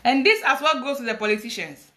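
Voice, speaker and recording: A woman's voice: sits high, animated, fast, a bit bright. A Ghanaian woman giving a dramatic, preachy confessional monologue on a social media live stream, mixing English and Twi. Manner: preachy, dramatic, laughing storytelling mixed with Twi. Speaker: livestreamer confessing.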